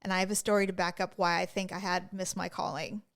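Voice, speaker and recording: A woman co-hosting a podcast in casual chat, telling animated stories and acting out the people she quotes. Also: lowish voice, quick pace, creaky. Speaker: podcast co-host.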